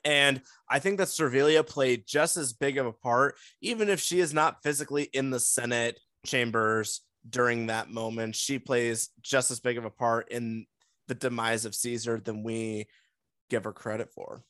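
A man's voice: medium pitch, steady tone, normal speed, a bit bright, no room sound. Man talking, dry close sound. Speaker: podcast co-host. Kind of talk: casual chat.

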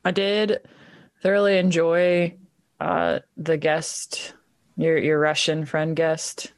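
A man's voice: fairly high pitch, little pitch movement, takes it slowly, vocal fry, no echo, studio quality. Easygoing chuckling man on a podcast. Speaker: podcast co-host. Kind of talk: casual podcast chat.

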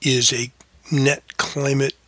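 A man's voice: mid-range voice, flat delivery, slow pace, a bit bright, no room sound. A man hosting a casual commentary, rambling and correcting himself often with fillers. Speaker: podcast host.

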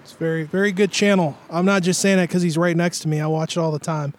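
A man co-hosting a casual podcast, telling absurd stories in a deadpan way, often stammering on restarts. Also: fairly high pitch, quick pace. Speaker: podcast co-host. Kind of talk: casual joking chat.

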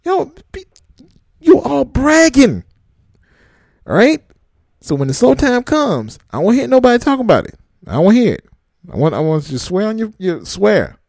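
A man's voice: high voice, sing-song, brisk, darkish tone, dry recording, studio quality. A man ranting casually to his trucking audience, blunt and profane, mocking them and laughing often. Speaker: trucking vlogger. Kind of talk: casual rant to camera.

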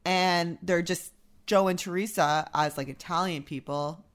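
A woman's voice: on the low side, steady tone, measured pace. A woman co-hosting a podcast in casual chat, blunt, swearing freely and laughing often. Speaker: podcast co-host.

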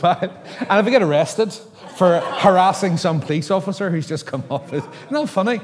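A man's voice: high-pitched, normal speed, hardly any pauses, a crowd in the background. A middle-aged man preaching a sermon from a stage microphone. He talks in a chatty, self-mocking way and laughs at his own stories. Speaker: pastor. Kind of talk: sermon with storytelling. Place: large church hall. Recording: church hall with long reverb.

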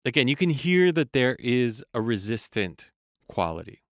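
A man who coaches singers, explaining vocal function in a calm, measured podcast lesson. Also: mid-range voice, no room sound, studio quality. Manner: calm, explanatory, demonstrates sung vowel sounds.

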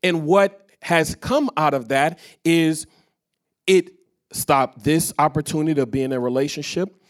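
A man's voice: on the high side, measured pace. A man preaching a sermon to a live congregation, telling stories full of quoted dialogue. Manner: storytelling with quoted dialogue, varied loudness. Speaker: pastor. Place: church stage before a live congregation.

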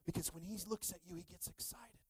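A middle-aged man preaching a sermon with lively energy, often checking in with the congregation. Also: sits high, fast, slightly rough. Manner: energetic, repeatedly asking "are you with me?". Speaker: pastor.

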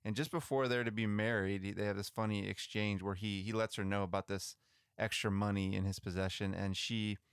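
A man co-hosting a podcast, chatting and retelling missionary history in a relaxed, conversational way with some restarts. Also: on the low side, fairly quick, clean tone, no echo, clean studio sound. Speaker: podcast co-host. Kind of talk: casual storytelling about missionary history.

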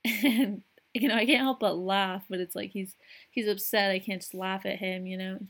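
A woman's voice: medium pitch, steady tone, normal speed, fairly bright tone. A young adult woman hosting a casual solo podcast, rambling with lots of fillers and frequent laughs. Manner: rambling, frequent "like" and "you know", laughs often. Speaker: podcast host.

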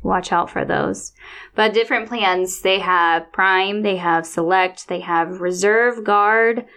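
A woman's voice: medium pitch, slow, fairly bright tone. A woman co-hosting a podcast in casual chat, explaining things plainly and venting with exasperation now and then. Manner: chatty, exasperated venting with mimicked quotes. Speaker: podcast co-host.

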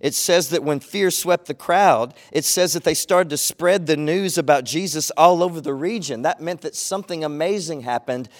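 Earnest man preaching, slightly high voice. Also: normal speed, hardly any pauses. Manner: earnest, emphatic preaching with repeated phrases. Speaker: pastor. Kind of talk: sermon.

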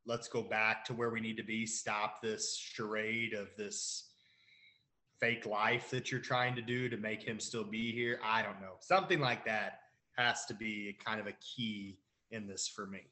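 A man's voice: fairly low pitch, fairly even intonation, measured pace, bright, forceful tone. A man co-hosting a podcast in casual chat, laughing as he quotes lines. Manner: laughs while quoting lines. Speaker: podcast co-host.

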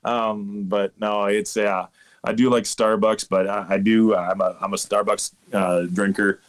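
A Canadian man in his thirties appears as an umpire guest in a casual interview, speaking in a fairly low voice with a level tone and measured pace. He rambles through stories with lots of animation and eager asides, keeping things easygoing and chatty.

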